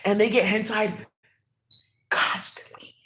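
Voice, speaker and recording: Woman ranting to the camera, drops to a whisper then gets loud, mid pitch. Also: normal speed. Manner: swings between hushed whispers and loud excited outbursts. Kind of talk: rambling monologue.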